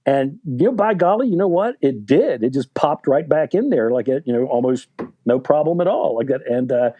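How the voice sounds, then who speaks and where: A man's voice: mid-range voice, animated, brisk, phone-quality sound. A man in his sixties from West Virginia, an author being interviewed, telling a story in a rambling, casual way full of fillers. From West Virginia, USA. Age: 60s. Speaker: guest author.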